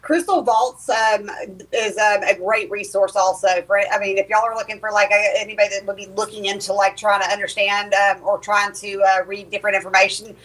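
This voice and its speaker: A woman from the American South with a Southern accent, a clairvoyant medium talking casually as a guest, relaxed and folksy with many ums. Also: mid-range voice, fairly quick, poor audio. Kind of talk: casual interview chat.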